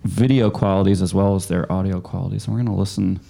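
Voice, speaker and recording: A man hosting a show, thanking guests and introducing the next segment in a relaxed, hesitant way. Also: sits low, fast talker, gravelly, slightly rough. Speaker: radio show host. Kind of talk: casual hosting.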